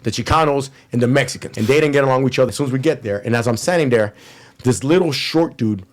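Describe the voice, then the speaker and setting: A man's voice: medium pitch, quick pace. A middle-aged man from Miami, an ex-cop and ex-convict, telling his stories candidly in an interview, swearing freely and acting out the people he quotes. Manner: profane, animated storyteller who acts out the people he quotes.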